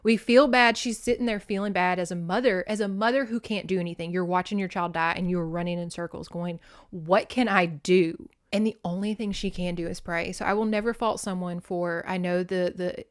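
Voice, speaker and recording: A woman's voice: fairly low pitch, steady tone, brisk, few pauses, smooth. A woman hosting a podcast, chatting casually about a book, emotional and teary, swearing often and breaking into tearful laughter. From United States. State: teary, crying. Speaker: podcast host reviewing a book. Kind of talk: casual chat.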